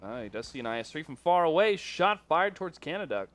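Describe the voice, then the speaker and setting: A man's voice: fairly high pitch, very animated, fast, a bit bright. A man doing live color and play-by-play commentary for an esports tank match, joking and laughing between calls. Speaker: esports caster.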